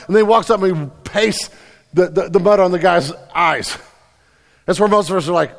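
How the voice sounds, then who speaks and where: Higher-voiced pastor preaching in a reverberant hall. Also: male voice, moderate pace. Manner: conversational, emphatic, repeats words. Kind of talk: sermon. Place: church sanctuary. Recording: long reverb in a large hall.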